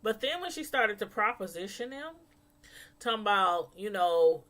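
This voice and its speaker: A woman casually reviewing a reality show episode, gossiping in an animated way. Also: mid-range voice, normal speed. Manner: animated, gossipy, laughing asides.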